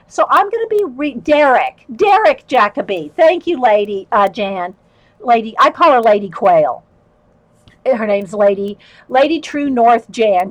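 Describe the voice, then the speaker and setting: Woman, high-pitched, chatty livestream host, dry close sound. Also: no room sound, poor audio. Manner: chatty, laughs often, greets chat viewers. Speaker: livestream host reading letters. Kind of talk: casual livestream chat and reading aloud.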